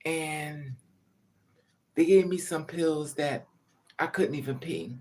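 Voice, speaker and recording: A woman casually telling a personal story on a vlog, frank and profane, laughing as her voice swings between loud outbursts and hushed asides. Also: sits low, takes it slowly. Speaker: vlogger.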